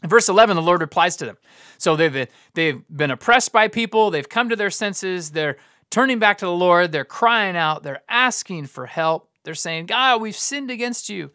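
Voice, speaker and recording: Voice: mid-range voice, animated, normal speed, sharp tone, smooth, no room sound. Informal preacher, dry close sound. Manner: informal, repeats and restarts words, acts out quoted lines. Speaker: pastor. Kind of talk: conversational sermon.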